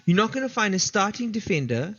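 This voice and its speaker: A South African man co-hosting a casual football podcast, his voice a little higher than most men's. He lays out his reasoning in long, methodical runs. The recording sounds somewhat dull and lo-fi. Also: very animated, quick pace, fairly bright tone. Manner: analytical, explains at length. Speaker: podcast co-host.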